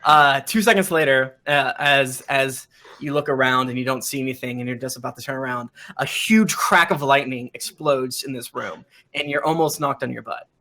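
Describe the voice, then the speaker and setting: A man's voice: mid-range voice, moderate pace, sharp tone. A man narrating as game master of a live-streamed tabletop game, in a rambling way with many fillers.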